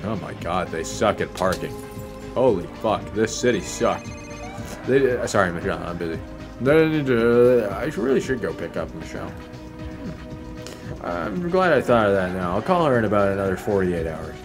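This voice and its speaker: A man's voice: fairly low pitch, sing-song, moderate pace, over music. A young man giving casual, profane, joking commentary while he plays a video game. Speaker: gameplay streamer.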